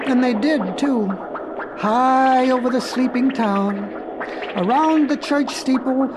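A woman narrating a storybook in an expressive, playful way with dramatic pauses. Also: a little high, slight background noise. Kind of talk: storybook reading.

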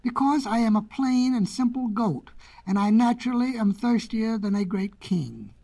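A woman's voice: fairly high pitch, animated, moderate pace, mellow, no room sound. Woman doing a stubborn arguing goat. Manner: argumentative, bleating. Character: stubborn plain male goat.

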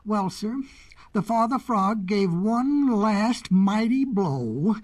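A storyteller reading a fable aloud to children in a dramatic, expressive way with playful asides. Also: medium pitch, slow, slight background noise.

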